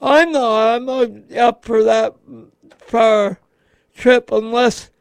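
A man co-hosting a radio show, talking casually in a slow, halting way with many pauses. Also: very high-pitched, fairly even intonation, gravelly, clear, resonant tone, dry recording. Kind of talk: casual on-air chat.

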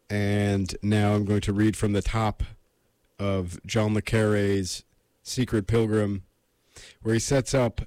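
Man, American accent, casual host, self-deprecating asides, lowish pitch, dry sound. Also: a little mellow, dry recording. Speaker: podcast host reading aloud. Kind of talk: casual chat and book reading.

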